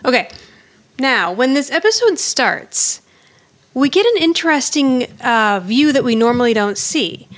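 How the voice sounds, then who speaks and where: A woman's voice: high voice, sing-song, measured pace. Chatty woman recapping a sitcom. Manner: recounts scenes, quoting characters with a laugh. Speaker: podcast co-host. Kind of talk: casual recap chat.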